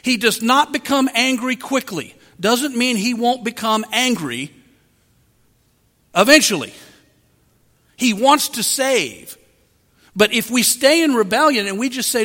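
Man, pastor, very high voice, earnest emphatic sermon, echoing hall. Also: animated, sharp tone. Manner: earnest, emphatic preaching with dramatic pauses. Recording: reverberant hall.

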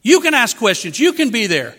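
High bright-voiced preacher in a reverberant hall. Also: male voice, sing-song, a little fast. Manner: preaching with dramatic acted-out quotes and rhetorical questions. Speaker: pastor. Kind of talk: sermon.

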